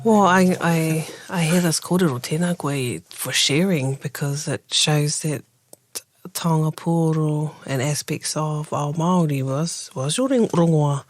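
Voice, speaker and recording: A woman hosting an interview, replying slowly and thoughtfully. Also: deep voice. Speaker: host.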